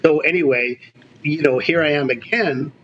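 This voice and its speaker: A man in his sixties, a veteran basketball coach, telling stories in an animated, emphatic way during a casual interview. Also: fairly high pitch, normal speed, lo-fi sound, slight background noise. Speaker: basketball coach, podcast guest.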